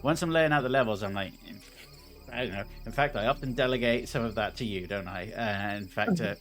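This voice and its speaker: A man's voice: fairly low pitch, a little fast, fairly bright tone. A man, a game developer, chatting casually on a stream and reading a game's story aloud with playful asides. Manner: rambling with fillers, playful asides. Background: game music.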